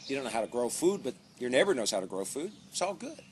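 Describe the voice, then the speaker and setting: Profane ranting man, lively pitch. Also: quick pace, a little hiss or hum. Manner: swears constantly, sarcastic and heated. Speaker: author commenting on his book. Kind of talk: profane comic rant.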